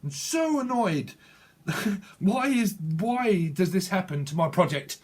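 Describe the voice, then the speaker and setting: A man's voice: high voice, sing-song, slow, voice pushed up, full character voice. A man voicing an exasperated person complaining that their project keeps going wrong, in a whiny voice. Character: exasperated adult whose project went wrong.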